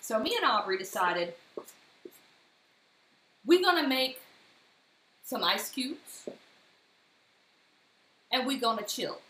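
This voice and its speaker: A woman casually walking viewers through a baking demo from her home kitchen, slipping lively personal stories in between the steps. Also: on the high side, slow pace, pauses often. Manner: chatty, animated anecdotes between step-by-step instructions. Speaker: baking streamer. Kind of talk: casual live-stream baking demo and storytelling. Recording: echoey kitchen with faint noise.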